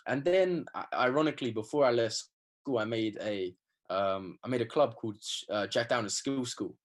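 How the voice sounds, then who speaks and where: A young man from England, telling animated stories with lots of slang in a casual interview. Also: medium pitch. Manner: animated storytelling, slangy, acts out quotes. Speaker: guest.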